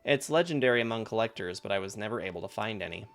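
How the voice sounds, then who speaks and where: A man's voice: on the low side, expressive, rapid-fire, fairly bright tone, faint music behind. A man voicing a chatty, helpful female treasure collector from a video game, reading her lines in a plain, matter-of-fact way. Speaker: streamer reading game dialogue.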